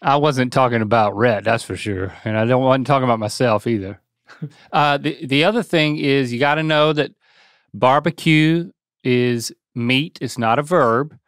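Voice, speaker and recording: A middle-aged man with a softened Southern accent co-hosts a podcast with a wry, teasing manner. His voice is smooth and clear, recorded close and dry with no room sound. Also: medium pitch, normal speed, no echo. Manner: wry, joking. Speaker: podcast co-host. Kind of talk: casual chat.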